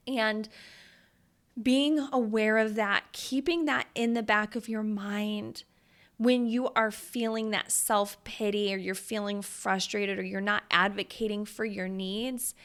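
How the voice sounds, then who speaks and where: A woman's voice: mid-range voice, a bit bright. A woman in her thirties hosting a motivational podcast, talking to listeners in an earnest, confiding way that turns emotional. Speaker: podcast host.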